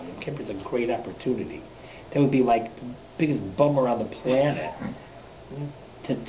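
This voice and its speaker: A man teaching a rabbi's class to students, lively and full of rhetorical questions. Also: fairly high pitch, a little hiss or hum. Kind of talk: informal Torah lecture. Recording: echoey room, dull lo-fi sound.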